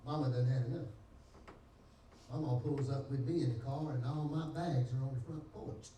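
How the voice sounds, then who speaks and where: Southern pastor in an echoey hall. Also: male voice, mid-range voice, steady tone, moderate pace, dark tone, slight background noise. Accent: Southern US, North Carolina. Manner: folksy storytelling with dialect, acting out dialogue. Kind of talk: testimony preached to a congregation. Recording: echoey church hall, distant mic.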